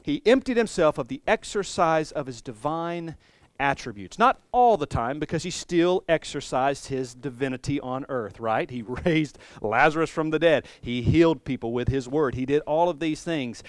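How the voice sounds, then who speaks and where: A man's voice: on the high side, expressive, normal speed, no room sound. A male pastor preaching a sermon in a conversational, humorous and musing way.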